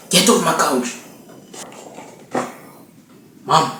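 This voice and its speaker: A woman's voice: low-pitched, a little slow. A woman playing a whiny, possessive boy. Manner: whiny, complaining, sing-song sighs. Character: boy only child, possessive and dramatic. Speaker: comedy skit creator. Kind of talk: comedy skit acting. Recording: echoey room with loud music.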